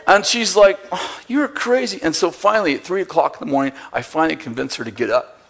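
A man's voice: fairly high pitch, lively intonation, fast, creaky, fairly bright tone. A man preaching a sermon, telling a story with acted-out dialogue and bursts of laughter. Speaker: pastor.

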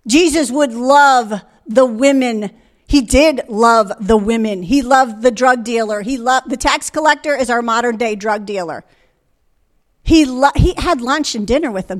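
A middle-aged woman delivers a sermon from the pulpit. Her voice sits high, and she presses her listeners with one rhetorical question after another. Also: measured pace. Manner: emphatic, rhetorical questions to the congregation. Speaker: guest preacher.

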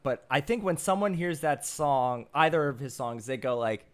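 A young man co-hosting a podcast, rambling excitedly through a casual movie chat. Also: mid-range voice, moderate pace. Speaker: podcast co-host.

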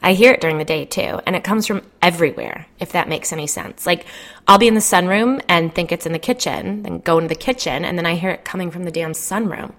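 A woman's voice: lowish voice, quick pace, a bit bright. Jen, a woman playing a frazzled, gossipy suburban mom. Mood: complaining. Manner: agitated, complaining, swears, fillers like "like". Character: stressed, gossipy suburban mother, adult woman.

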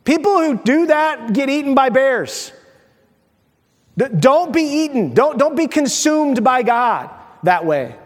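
A man preaching a sermon as pastor, animated and playful, acting out little dialogues. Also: very high voice, slow. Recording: long hall reverb.

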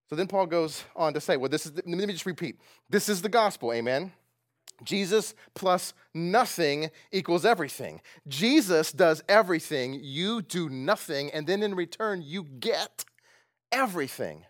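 Animated, emphatic male preacher. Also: on the high side, normal speed, no room sound, studio quality. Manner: animated, rising to loud emphatic bursts; asks the congregation questions and laughs often. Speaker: pastor. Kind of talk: sermon.

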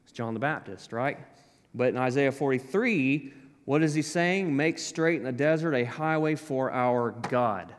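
A man preaching a sermon, animated, acting out the voices in the scripture he quotes. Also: mid-range voice, unhurried, a little hiss or hum. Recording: long hall reverb.

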